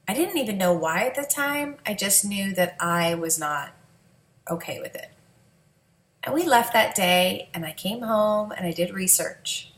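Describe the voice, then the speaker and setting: A woman's voice: medium pitch, expressive, a little slow, fairly bright tone, reverberant, poor audio. A woman, a mother, telling her family's story in a candid, emotional, conversational vlog.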